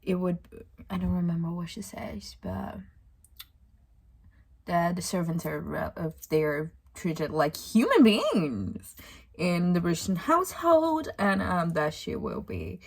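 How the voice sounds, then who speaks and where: A woman's voice: fairly low pitch, huge pitch swings, slow pace, gravelly, breathy edge. A young woman reviewing a book in a casual vlog, ranting in exasperation with sighs and swearing.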